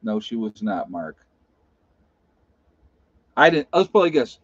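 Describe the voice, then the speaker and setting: A man's voice: fairly low pitch, very animated, measured pace, slightly rough, dry recording. Blunt plain-spoken man, dry lo-fi sound. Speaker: live-stream host reading chat. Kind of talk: casual live-stream chat. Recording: dull lo-fi sound.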